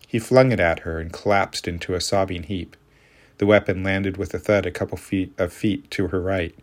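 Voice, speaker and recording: A man reads a story aloud in a calm, even manner. His voice is deep and low. The narration is measured, in a steady audiobook style.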